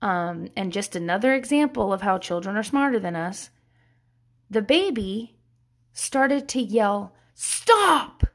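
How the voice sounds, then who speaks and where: A woman's voice: medium pitch, unhurried. A woman, a mother of young kids, giving a candid, casual self-help talk, swearing freely and laughing often.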